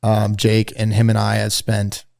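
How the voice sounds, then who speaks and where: A man's voice: fairly low pitch, measured pace, creaky. A man guest on a podcast, telling a story in casual, slangy talk and acting out the people he quotes in a raised voice. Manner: animated, acts out quoted dialogue in a raised voice; laid-back slangy talk. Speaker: podcast guest, fashion brand founder. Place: host's glass studio.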